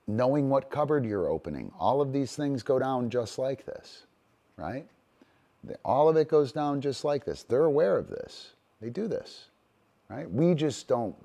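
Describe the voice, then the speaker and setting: In a casual monologue on dog training, a middle-aged man acting as host speaks in a mid-range voice with a dark tone. He rambles and speaks emphatically, tacking "right?" onto his points and swearing casually.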